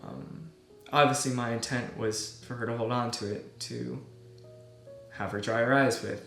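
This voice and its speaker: Young male med student, mid pitch, reflective and soft-spoken, quiet guitar bed, roomy echo. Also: fairly even intonation, a little slow, gravelly. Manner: soft-spoken, earnest, often trailing off quietly. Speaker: medical student vlogger. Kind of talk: reflective personal storytelling. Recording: echoey room with soft guitar music.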